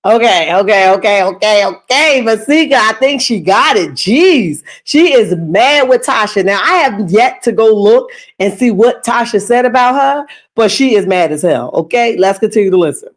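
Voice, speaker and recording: A woman's voice: medium pitch, expressive, normal speed. A woman hosts a celebrity gossip show in a loose, chatty way. She tosses in sassy asides like "okay?" and "child" while she reacts to the drama. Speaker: gossip channel host. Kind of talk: casual reality-TV gossip commentary.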